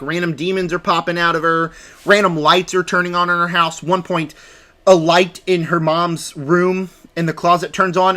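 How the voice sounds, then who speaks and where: A young man casually reviewing movies in a rambling, animated way, acting out scenes with quick impressions. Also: sits high. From United States.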